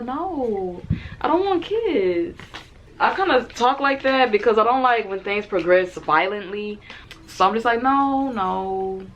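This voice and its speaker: A woman's voice: medium pitch, highs cut off, slight background noise. A woman in her twenties, a vlogger telling a story casually to the camera and acting out what both people said. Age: 20s. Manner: animated, acts out both sides of the date in quotes.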